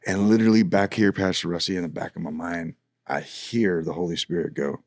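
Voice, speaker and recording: A man's voice: low voice, fairly quick, no echo, studio quality. A middle-aged man, a worship leader, telling a story in a casual podcast conversation, acting out the dialogue as he goes. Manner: animated storyteller, acts out dialogue, frequent restarts.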